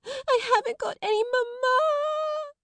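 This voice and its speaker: A woman voicing a spoiled little girl who howls and sobs in shrill wails, in a storybook reading. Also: big pitch swings, unhurried, darkish tone, no room sound. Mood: wailing. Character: small spoiled girl, wailing and howling.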